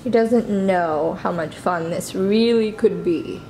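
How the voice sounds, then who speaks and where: A woman vlogging at home, talking to her baby son in a high, sing-song baby-talk voice. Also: takes it slowly, hardly any pauses, a little mellow, a little hiss or hum. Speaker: mother and vlogger. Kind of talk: casual home vlog.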